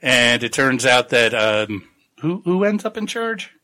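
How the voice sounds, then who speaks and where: A man's voice: medium pitch, big pitch swings, measured pace, pushed and bright, poor audio. A man on a podcast casually recapping a novel's plot, rambling and swearing as he acts out the characters. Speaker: podcast co-host.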